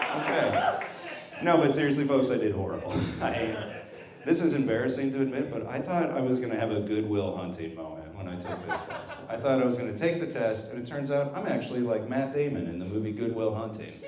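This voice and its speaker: A man doing a stand-up comedy set, telling stories in a deadpan way with acted quotes. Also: medium pitch, brisk. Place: brewery stage with live audience. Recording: roomy live venue with crowd laughter. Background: audience laughing.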